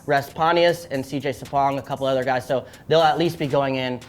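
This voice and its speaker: A man in his thirties, a former player turned co-host, breaking down matches in a relaxed, joking studio chat. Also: mid-range voice, fairly quick. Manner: relaxed, joking, speaks in loose bursts with fillers. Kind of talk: casual sports chat.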